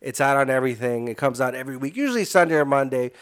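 A young man, a podcast guest, telling profane, animated comedic stories in casual chat. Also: medium pitch, very fast, clean tone.

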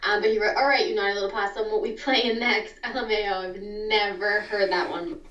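A woman's voice: medium pitch, fairly even intonation, fairly quick, fairly bright tone, muffled recording. A young woman co-hosting a casual podcast chat, hesitant with many ums and giggly. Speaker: co-host. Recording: roomy, distant from mic, faint noise.

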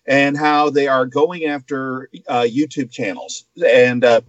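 A man's voice: medium pitch, steady tone, a little slow, no room sound, dull audio. A man co-hosting a casual podcast, explaining a news story at length with asides and fillers. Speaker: guest co-host.

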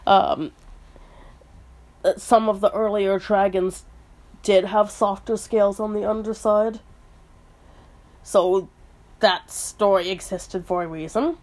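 A woman's voice: medium pitch, fairly even intonation, slow, pauses often, a little mellow. Woman co-host, casual book chat, conversational, hedging with fillers. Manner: chatty, hedging with um and uh.

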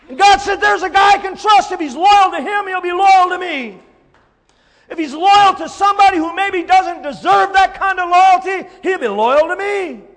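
A man preaching a sermon as pastor, moving from low, quiet talk to loud, shouted passages. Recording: hall reverb.

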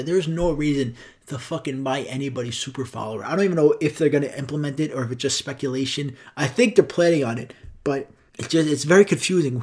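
Profane, rambling young man podcaster. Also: on the high side. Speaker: podcast host.

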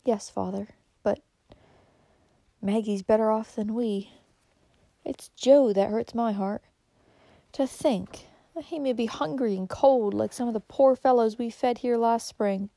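In a storybook reading, a gentle and devout old mother voiced by a female reader speaks softly and tenderly. The voice is mellow and warm, recorded close and dry. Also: a little high, a little slow, creaky, dry recording. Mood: worried. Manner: tender, soft-spoken.

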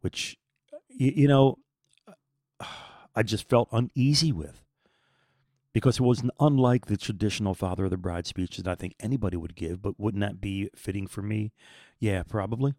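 A man's voice: lowish voice, moderate pace, a little mellow, no room sound, clean studio sound. A man in his fifties telling a personal faith story in an earnest, rambling way, often repeating words as he searches for them. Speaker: podcast host.

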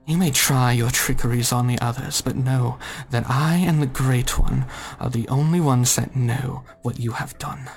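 A man's voice: medium pitch, normal speed, creaky, hardly any pauses, faint music behind, natural voice. A man voicing a stern, white-haired elven zealot who speaks in a solemn, archaic, commanding way. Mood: accusing.

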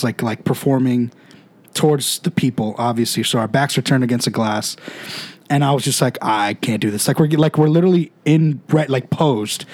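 Animated young man telling a story. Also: mid-range voice, dry recording. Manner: animated storyteller, laughs often, repeats himself. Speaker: podcast co-host. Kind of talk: casual chat.

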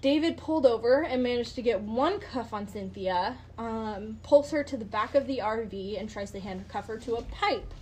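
A woman's voice: a little high, expressive, normal speed, few pauses, a little mellow, slight background noise, poor audio. A woman hosting a podcast, telling a true-crime story in a casual, chatty way, with swearing and lots of "like" and "um". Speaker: podcast host.

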